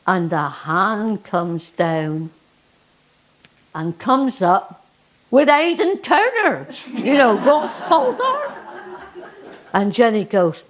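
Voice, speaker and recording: A woman with a Cornish accent, performing a comic folk story with slow, emphatic, folksy delivery. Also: a little high, very animated. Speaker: dialect storyteller and poet.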